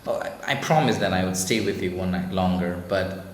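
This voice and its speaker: A man's voice: low voice, fairly quick, a little hiss or hum, natural voice. Give me a restless little male swallow from a storybook, read out by a man with an Indian English accent in an echoey room. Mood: refusing. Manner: reads the line, then paraphrases it loosely. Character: small male swallow bird, restless, longing to migrate. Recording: echoey room with long reverb.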